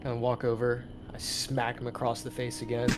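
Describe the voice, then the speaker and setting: A man takes his turn in a tabletop game with a soft, understated delivery. Clear music runs under his voice. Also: medium pitch, monotone, fairly quick. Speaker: player.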